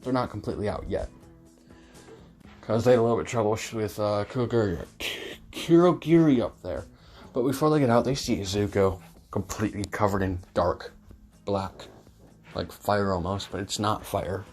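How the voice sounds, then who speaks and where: A man's voice: on the low side, normal speed, darkish tone, soft background music. A man improvising a fan-fiction story, rambling with many fillers and self-corrections.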